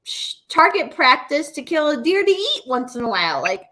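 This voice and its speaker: A young woman co-hosting a podcast, telling stories in casual, animated chat full of swearing. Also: sits high, moderate pace. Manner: animated, profane, storytelling. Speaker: podcast co-host.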